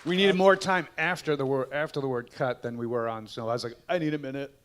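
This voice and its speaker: A middle-aged actor on a fan panel, telling casual anecdotes and acting out the lines of other people. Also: male voice, mid-range voice, a little fast. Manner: animated, acts out quotes. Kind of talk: casual storytelling Q&A.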